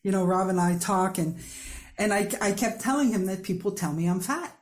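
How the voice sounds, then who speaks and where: This woman speaks at a moderate pace in a medium pitch. As host of a candid podcast interview, she shares a personal story openly and with animation, laughing frequently.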